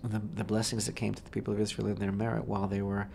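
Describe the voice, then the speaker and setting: Gravelly low-ish guy rambling through a torah talk, lots of emphasis, little hiss behind. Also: completely flat delivery, racing, darkish tone. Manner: expansive, wordy, emphatic, repeats phrases. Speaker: rabbi co-host. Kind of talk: Torah discussion on talk radio.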